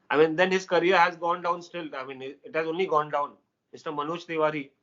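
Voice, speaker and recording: A man with an Indian accent co-hosting a casual cricket chat, excitable and laughing, slipping into Hindi. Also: fairly high pitch, a little fast, muffled recording. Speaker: co-host.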